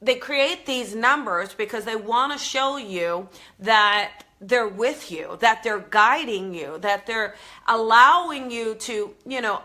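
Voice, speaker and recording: A woman's voice: fairly high pitch, bright, forceful tone. A woman with a New Jersey accent, hosting a live-streamed talk show, chatty and earnest with many fillers and restarts. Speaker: spiritual show host. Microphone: live stream camera mic.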